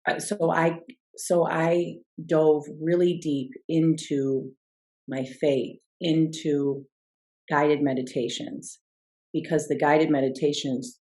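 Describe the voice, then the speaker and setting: Low-voiced earnest woman coach. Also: dark tone. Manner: reflective and earnest, with frequent restarts. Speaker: guest, life coach. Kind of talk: personal storytelling interview.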